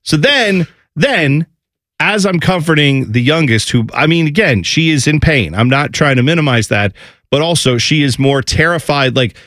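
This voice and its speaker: A man in his thirties tells a chaotic family story on a morning show. His voice is a little high and swings up and down as he does his kids' voices. The sound is dry and close. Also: normal speed, dry recording. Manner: animated, acts out family voices, laughs while telling. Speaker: radio show co-host.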